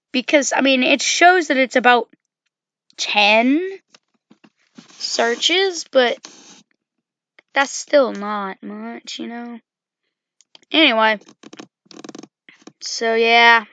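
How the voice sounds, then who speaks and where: A woman's voice: a little high, sharp tone. A woman giving casual, rambling game commentary, full of fillers and self-corrections.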